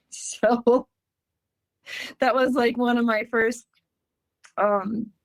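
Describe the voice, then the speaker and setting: A woman from Minnesota shares a personal story in a casual, earnest way. Her voice sits fairly high, and the sound is close and dry. She stays animated and laughs often. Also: extremely slow, dry recording. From Minnesota, USA. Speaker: guest recounting a personal encounter.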